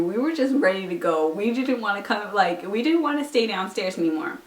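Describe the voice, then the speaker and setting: A woman's voice: mid-range voice, animated, a little fast, few pauses. A young woman telling a story to her vlog camera in a casual, giggly way, full of likes and ums. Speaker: vlogger. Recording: echoey room, mic a bit far.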